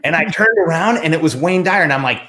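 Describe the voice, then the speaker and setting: A man's voice: on the high side, fast. A middle-aged man casually telling a personal story, animatedly quoting himself and others along the way. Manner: animated anecdote teller, quoting himself in rising voice.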